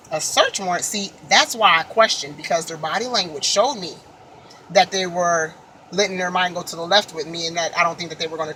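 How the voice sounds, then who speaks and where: A woman's voice: on the low side, sharp tone, a little hiss or hum, poor audio. A woman from Illinois earnestly recounting a personal experience in casual storytelling, her voice rising as she reenacts the dialogue. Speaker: vlogger telling a personal story.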